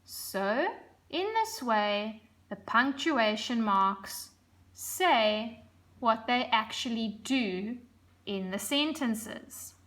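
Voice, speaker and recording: A woman schoolteacher with a high, bright voice gives a recorded lesson to young children. She talks slowly and clearly. Her delivery is gentle and expressive. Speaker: primary school teacher.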